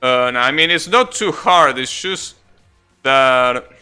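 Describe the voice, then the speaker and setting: Young male streamer, casual chat, unhurried delivery, keeps correcting himself, loud music behind. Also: medium pitch, animated, clear, resonant tone. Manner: rambling, self-correcting, swears casually, laughs at own jokes.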